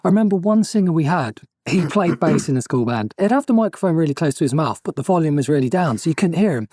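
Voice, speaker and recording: Mellow-voiced man telling stories. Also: a little high, expressive, fast talker, no room sound, studio quality. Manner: anecdotal, chuckling. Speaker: guest musician. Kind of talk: casual chat, storytelling.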